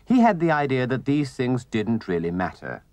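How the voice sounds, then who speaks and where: A man narrating a children's storybook with gentle, expressive delivery. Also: medium pitch, normal speed, dry recording.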